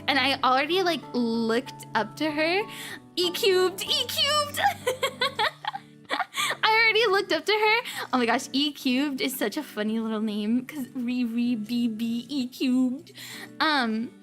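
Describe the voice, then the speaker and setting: High-voiced gushing woman streamer. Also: expressive, moderate pace, a bit bright, soft background music. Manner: gushing, emotional, giggly. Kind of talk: casual livestream chat.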